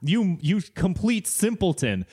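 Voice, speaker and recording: Man voicing a pompous grammar snob, condescending, slow drawn-out insults, a bit higher than his own voice. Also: big pitch swings, warm tone, breathy edge, full character voice. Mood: sneering.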